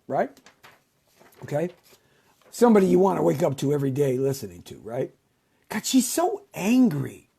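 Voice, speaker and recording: Husky woman hosting a talk show, sarcastic rambly rant, voice jumps all over. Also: mid-range voice. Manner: animated, sarcastic, rambling with stammers. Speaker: host.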